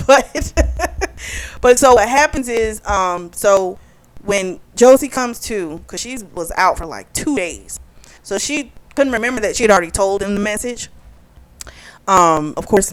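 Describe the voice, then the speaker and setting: A woman's voice: mid-range voice, clean tone. Woman chatting through a plot recap. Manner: animated retelling full of "like" and "you know". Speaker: book club reviewer.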